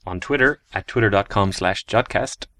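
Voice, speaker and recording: A man co-hosts a podcast and reads out emails and messages. His voice sits low, and the recording is dry and close. His tone is easygoing. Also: normal speed, a bit bright, dry recording. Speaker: podcast co-host. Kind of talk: reading listener messages.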